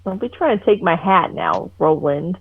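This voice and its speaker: A woman's voice: lowish voice, lively intonation, normal speed, breathy edge. A woman playing a tabletop game over a call, chatty and apologetic, her voice muffled by her headset. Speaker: player. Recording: muffled, phone-like headset line.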